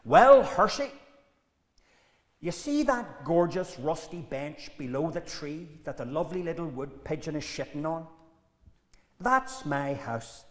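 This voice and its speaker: A man's voice: a little high, expressive, a little slow, fairly bright tone. Irish guy doing a sarcastic broke irishman, echoey theatre hall. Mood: wry. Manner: wry, sarcastic. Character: down-and-out Irish man, cheeky and quick-witted. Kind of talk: stage play reading.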